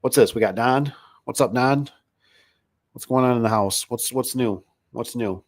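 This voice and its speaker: A man's voice: mid-range voice, unhurried. A man hosting a casual livestream, rambling through stories with lots of fillers and restarts while reading viewer comments. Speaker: livestream host, garage door business owner.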